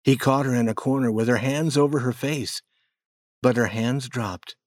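A man narrating a storybook chapter in a plain, measured way. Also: medium pitch, a little mellow, dry recording, studio quality.

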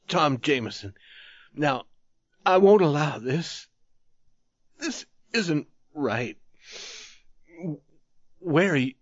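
A man voicing a wounded, tattered soldier who talks in a halting, pleading way and repeats himself. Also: medium pitch, breathy edge, dry recording, lo-fi sound.

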